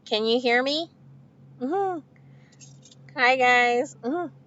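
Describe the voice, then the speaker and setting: A woman trucker with a fairly high voice, chatting on a live stream from inside her cab. She laughs easily and answers viewer comments one after another. The sound is dull and lo-fi, picked up by a phone. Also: drawn-out words, a bit bright. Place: inside a truck cab with refrigeration unit running. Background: refrigeration unit hum.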